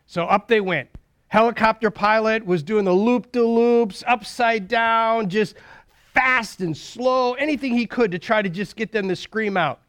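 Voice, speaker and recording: A man's voice: high voice, unhurried, fairly bright tone, smooth, no echo, studio quality. A man preaching a sermon in a folksy storytelling way, acting out jokes and leading a prayer.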